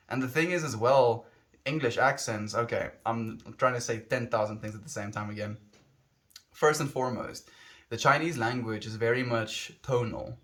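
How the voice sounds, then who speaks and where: Here a South African-accented livestreamer from South Africa, medium in pitch and a bit bright, talks casually to viewers at normal speed. His chat is rambling and thoughtful, with frequent mid-sentence self-corrections.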